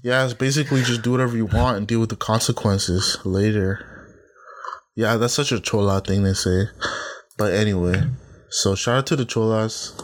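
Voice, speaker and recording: A man co-hosting a podcast in casual chat, animated and laughing often, now and then slipping into playful put-on voices. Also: lowish voice, moderate pace. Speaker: podcast co-host.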